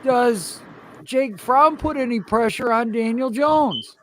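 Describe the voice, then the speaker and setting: A man with a very high voice talks in a casual sports chat. He sounds quizzical and keeps pressing with questions. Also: slow, fairly bright tone, slight background noise. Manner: quizzical, asks probing questions.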